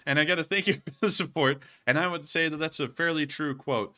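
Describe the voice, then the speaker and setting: A man's voice: on the high side, brisk, sharp tone. A man hosting a live stream, chatting casually and thanking supporters at length. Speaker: livestream news host. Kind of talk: casual live-stream chat, reading super chats.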